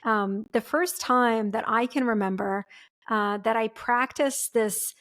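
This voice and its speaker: Earnest, reflective woman in her 40s, slightly high pitch, solo podcast storytelling. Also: slow pace, a bit bright. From former Soviet Union. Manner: earnest and reflective, with frequent "right?" and "like". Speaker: podcast host. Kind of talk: personal storytelling monologue.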